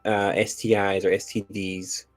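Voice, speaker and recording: Very deep-voiced woman, dry quips. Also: flat delivery, measured pace, faint music behind. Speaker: co-streamer. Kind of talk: casual chat.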